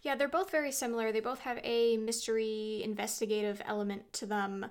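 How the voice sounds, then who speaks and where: A woman appearing as a podcast guest in casual chat, explaining things in a clear and organized way. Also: a little high, steady tone, brisk.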